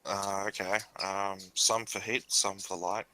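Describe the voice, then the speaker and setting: A man taking his turn in a tabletop game, talking in a blunt, matter-of-fact way. His voice is very deep, yet it has a hard, sharp, forceful edge. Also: flat delivery, measured pace, low-quality recording. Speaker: player. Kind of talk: casual tabletop play.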